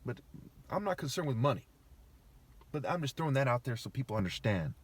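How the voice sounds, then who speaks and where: A man's voice: mid-range voice, sing-song, brisk, slightly rough. A man talking straight to the camera in an agitated, argumentative rant, swearing heavily and sounding aggrieved. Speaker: vlogger. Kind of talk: agitated ranting monologue.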